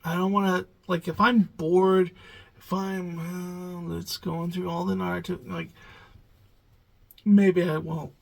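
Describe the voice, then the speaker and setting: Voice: mid-range voice, flat delivery, takes it slowly, creaky, pauses often, darkish tone, rough recording. A YouTube reaction host talking casually late at night, sleepy and yawning, rambling with lots of hesitant fillers.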